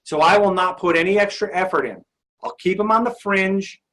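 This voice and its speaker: Lively male sales trainer. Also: high voice, fairly quick. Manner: upbeat, asks the audience frequent questions. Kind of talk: interactive sales training session.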